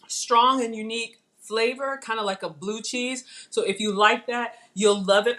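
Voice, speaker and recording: A middle-aged woman, chatting excitedly while cooking live and tasting food. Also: on the high side. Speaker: cooking livestream host. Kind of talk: casual live cooking chat.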